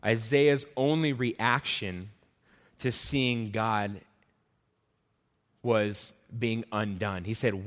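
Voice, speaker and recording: Earnest pastor preaching in a reverberant hall. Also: male voice, lowish voice, steady tone, extremely slow, long pauses. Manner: earnest, conversational preaching with many fillers and restarts. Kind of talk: sermon.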